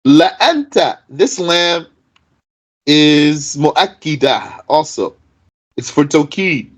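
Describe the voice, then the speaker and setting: A man teaching Arabic grammar in an explanatory lesson, asking rhetorical questions and reciting Arabic quickly. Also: on the high side, fairly bright tone, poor audio.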